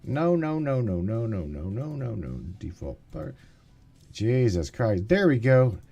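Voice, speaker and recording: A man runs a casual live call-in stream, rambling and swearing through his tech trouble. His voice leaps up and down in pitch. Faint music plays behind him. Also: very animated, a little slow, warm tone, highs cut off. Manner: rambling, swearing, bursts of exasperation. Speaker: podcast host.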